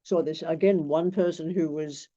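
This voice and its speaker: A man's voice: on the high side, steady tone, normal speed, dark tone. A man, teaching tarot in a blunt, rambling way and swearing freely. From Australia. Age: 60s. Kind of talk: casual teaching talk. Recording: dull lo-fi recording.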